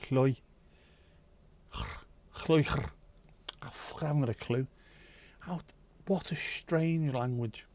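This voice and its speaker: A man's voice: a little high, unhurried, a little mellow. A man hosting a livestream, chatting casually with viewers, rambling and musing aloud with plenty of swearing. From Wales. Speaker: livestream host.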